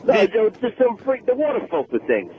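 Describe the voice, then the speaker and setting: A man calling into a radio show, telling a story excitedly. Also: sits high, moderate pace. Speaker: caller. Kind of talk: phone-in storytelling. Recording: tinny phone line with noise.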